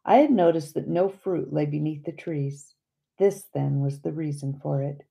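A woman reading an audiobook chapter aloud in a slow, measured way. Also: sits low, gravelly, warm tone. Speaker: audiobook reader. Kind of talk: scripted audiobook narration.

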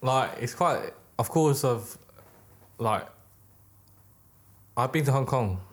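A young British man, a clothing brand maker appearing as a podcast guest, chats casually in an interview, rambling with lots of "like" and restarts. His medium-pitched voice has lively intonation and a slow pace.

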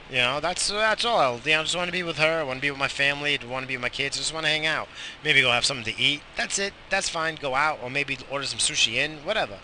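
A man's voice: medium pitch, fast, pushed and bright, a little hiss or hum, rough recording. A man in his thirties in a car, rambling through a profane, self-mocking casual monologue. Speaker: vlogger.

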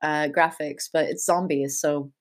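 A woman with a slightly low voice, speaking over a video call link. She talks with animated enthusiasm and casual swearing, gushing about favorite games as a podcast co-host. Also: unhurried. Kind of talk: casual chat.

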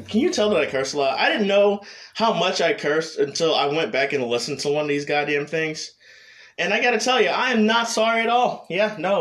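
A young adult man hosting a solo podcast, rambling casually with heavy cursing and many restarts. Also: a little high. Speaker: podcast host.

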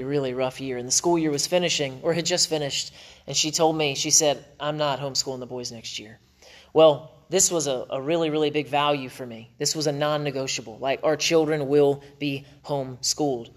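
A middle-aged man hosting a marriage podcast, teaching in an emphatic, preacher-like way and repeating phrases for stress. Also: on the high side.

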